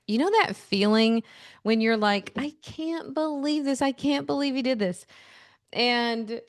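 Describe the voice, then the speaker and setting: A woman in her forties hosting a podcast, telling stories in an animated way and laughing often. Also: mid-range voice, dry recording, studio quality. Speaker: podcast host. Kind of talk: casual solo podcast talk.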